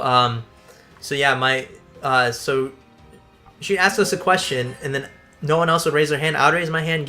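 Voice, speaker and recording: A young man hosting a casual gameplay video, telling a school story in an animated way, swearing and laughing along. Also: medium pitch. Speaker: let's play host. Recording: faint background game music.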